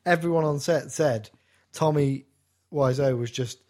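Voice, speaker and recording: A man's voice: a little high, measured pace, a little mellow. A man in casual film chat, making dry, wry remarks.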